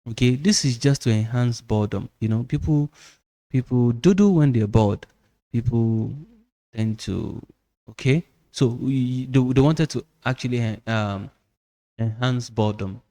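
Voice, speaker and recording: A man's voice: medium pitch, measured pace, mellow. A man teaching a psychology lesson, explaining step by step, repeating words and checking in with his listeners. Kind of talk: lecture explanation.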